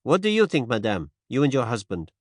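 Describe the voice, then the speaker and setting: A male narrator voicing a fastidious older Belgian detective who speaks courteously and drops French words. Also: medium pitch, huge pitch swings, dry recording, clean studio sound. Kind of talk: audiobook character voice.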